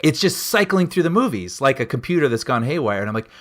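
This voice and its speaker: A man co-hosts a podcast and tells stories with an animated, lively voice. His pitch moves a lot, and he laughs often between his lines. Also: fast. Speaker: podcast co-host. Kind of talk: casual chat, anecdote telling.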